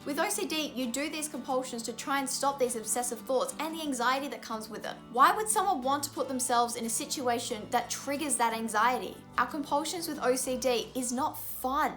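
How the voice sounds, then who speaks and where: A young woman with a high, bright, ringing voice talks straight to camera, earnest and openly frustrated, leaning on repeated words for emphasis. Soft music plays faintly underneath. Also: fairly quick, few pauses. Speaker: vlogger. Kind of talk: explanatory vlog to camera.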